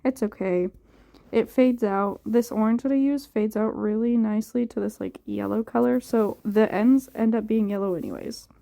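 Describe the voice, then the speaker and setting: Tired rambling young woman, gravelly voice. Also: fairly high pitch, steady tone, moderate pace, dark tone, dry recording. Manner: rambling, unsure, many "like" fillers. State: tired, yawning. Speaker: hair dye vlogger. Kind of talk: casual voice-over chat.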